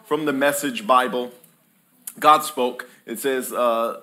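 Speaking unhurriedly in a sharp, medium-pitched voice, a male preacher in his thirties or forties jokes with the people in a church hall. His sermon is playful, and he invites the live congregation to call back to him.

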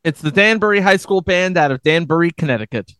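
A man co-hosting a podcast, calmly stating facts about an old parade broadcast in casual commentary. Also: fairly high pitch, quick pace, smooth, no echo. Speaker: podcast co-host.

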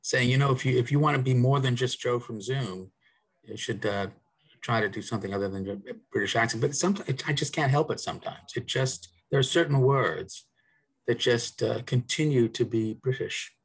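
A man's voice: medium pitch, moderate pace, slightly rough. A man from South Africa, middle-aged or older, talking as a guest on a podcast in a rambling way, with restarts and fillers. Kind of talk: casual interview chat.

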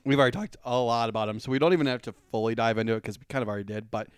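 A man's voice: mid-range voice, racing, clear, resonant tone, no room sound, studio quality. A man co-hosting a podcast in easygoing casual chat, agreeable and full of fillers. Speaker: podcast co-host.

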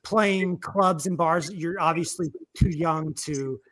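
A man's voice: fairly high pitch, slow pace, fairly bright tone. A man hosting an interview, asking long, rambling questions with restarts. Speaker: interview host. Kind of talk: casual interview.

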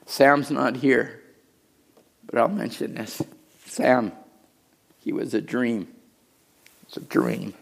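A middle-aged man preaching a sermon as pastor, telling a story with hushed asides and raised, urgent lines. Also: mid-range voice, slow, creaky, long pauses. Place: church.

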